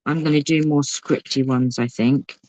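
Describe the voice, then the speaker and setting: This woman has a deep, slightly dark voice with fairly even intonation and a moderate pace. She hosts a casual crafting livestream for her craft channel, chatting and thinking aloud as she works, and she talks to her pet too.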